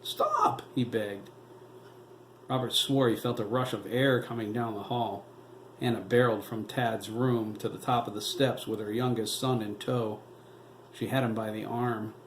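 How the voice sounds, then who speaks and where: Man, author, audiobook narration, steady, roomy echo, faint background noise. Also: mid-range voice, normal speed. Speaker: author reading his novel.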